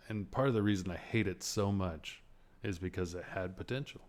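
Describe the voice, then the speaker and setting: Low-voiced man on a profane rant. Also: fairly even intonation, normal speed, a little mellow. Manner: rambling, profane, sarcastic, laughs often. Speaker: podcast host. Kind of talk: casual movie rant.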